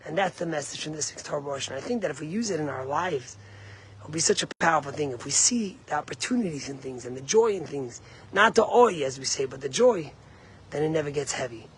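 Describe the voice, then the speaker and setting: A man's voice: on the high side, expressive, fast. A rabbi giving an emphatic sermon, mixing Hebrew and Yiddish terms into his English. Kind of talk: sermon on the weekly Torah portion.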